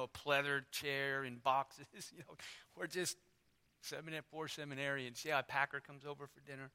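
Guy preaching in church, casual storyteller, high bright voice, lots of asides. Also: clear, resonant tone. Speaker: pastor. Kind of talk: sermon.

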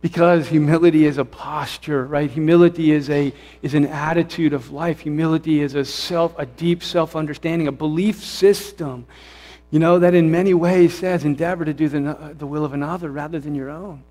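Male pastor, higher-pitched voice, casual sermon style with fervent peaks, long church reverb. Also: steady tone, moderate pace, darkish tone. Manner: conversational, self-correcting, builds to fervent emphasis. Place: church sanctuary.

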